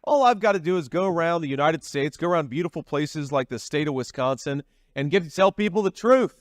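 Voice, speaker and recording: A man's voice: on the high side, animated, fairly quick, no room sound, studio quality. A man giving a campaign rally speech, talking in a folksy, repetitive way with frequent restarts. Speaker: political candidate at a rally.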